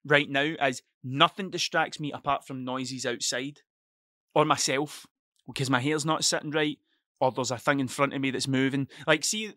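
A man's voice: fairly high pitch, dry recording, clean studio sound. A man with a Scottish accent hosting a casual podcast monologue at his computer desk at home, rambling and swearing freely as he tells stories. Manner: sweary, rambling, animated storytelling. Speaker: podcast host.

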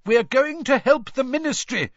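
A middle-aged wizard father barking urgent orders, his voice pushed high and loud above the din, as a male narrator plays him. The recording is dry and dull. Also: lively intonation, moderate pace, no echo. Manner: shouting over noise.

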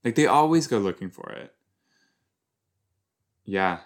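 A man's voice: on the low side, animated, measured pace. A man hosting a podcast, rambling playfully and reacting casually to an episode as he watches, with silly made-up words. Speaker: podcast host.

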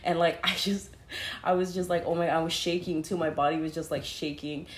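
A woman's voice: low voice, fairly even intonation, brisk. A young woman telling a story casually, laughing often, saying "like" constantly and swearing freely. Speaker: podcast co-host. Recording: roomy echo.

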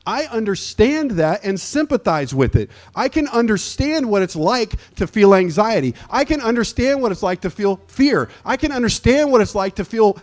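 High-voiced man preaching a sermon. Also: big pitch swings, normal speed, few pauses. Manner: emphatic call-and-response preaching. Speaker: pastor.

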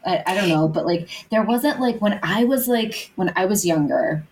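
A woman's voice: mid-range voice, expressive, moderate pace, darkish tone, slight background noise, rough recording. A young woman co-hosting a podcast, chatting casually and rambling with lots of filler words and restarts. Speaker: podcast co-host. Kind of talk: casual chat.

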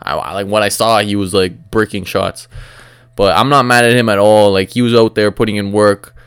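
Profane, rambling young podcaster. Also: male voice, on the low side, fairly even intonation, normal speed, a bit bright, clean tone, no room sound. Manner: frustrated, profane, rambling with filler words. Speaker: podcast host. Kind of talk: casual solo sports podcast rant.

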